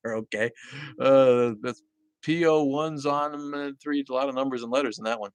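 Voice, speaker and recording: A man hosting a casual livestream from home, greeting viewers loudly, coughing often and swearing casually. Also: mid-range voice, fairly even intonation, normal speed, smooth, no echo. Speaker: livestream host. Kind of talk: casual livestream chat reading viewer comments. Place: at home with a dog nearby.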